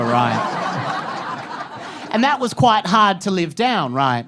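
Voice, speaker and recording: A young Australian man doing stand-up on stage, chatty and self-mocking, with crude punchlines and a habit of asking "right?". His voice sits high and swings about with animation. The live recording carries clear audience noise around him. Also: big pitch swings, slow. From Phillip Island, Australia. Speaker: stand-up comedian. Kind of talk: stand-up comedy set.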